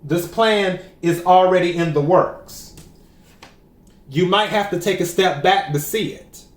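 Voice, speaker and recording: A man giving a spiritual oracle card reading to camera, talking in a slow, emphatic way and repeating his key phrases. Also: high voice, echoey room. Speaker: tarot and oracle card reader.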